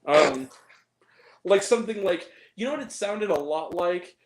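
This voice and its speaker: Animated man rambling in a roomy space. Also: sits high, measured pace, slight background noise. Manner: rambling, profane, giggly, lots of fillers. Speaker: movie review podcast host. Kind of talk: casual chat.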